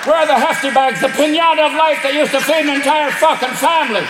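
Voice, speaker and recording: A man's voice: very high voice, fast talker, heavy background noise, voice pushed up. A comedian on stage voicing a brash, foul-mouthed male raccoon with an Irish accent. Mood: indignant. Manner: foul-mouthed, aggrieved, cocky. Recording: live hall echo, loud crowd.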